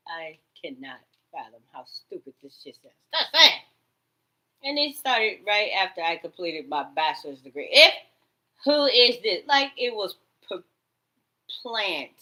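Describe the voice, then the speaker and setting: A woman delivering a rambling vlog monologue in a bright, edgy voice. Her pitch leaps and dips all over the place, and her volume jumps from loud outbursts to low mutters. She swears freely as she talks. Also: poor audio. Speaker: vlogger.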